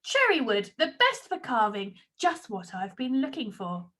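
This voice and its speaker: A woman voicing a nervous but kind and hopeful old male woodcarver, speaking gently. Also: very high voice, wildly swooping pitch, unhurried, full character voice. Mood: muttering. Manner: coaxing and gentle.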